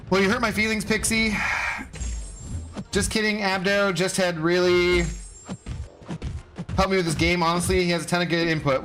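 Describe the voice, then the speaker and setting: A man's voice: sits high, unhurried, long pauses, fairly bright tone, soft background music. A man casually chatting with his live-stream viewers while gaming, rambling and answering chat messages. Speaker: game streamer.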